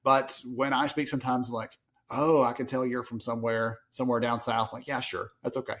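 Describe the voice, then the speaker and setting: A man's voice: medium pitch, brisk. A man from Alabama with a Southern accent, a podcast guest chatting casually and acting out quoted voices as he tells stories. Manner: animated storyteller, acts out quoted voices. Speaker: podcast guest, research analyst. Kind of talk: casual interview chat.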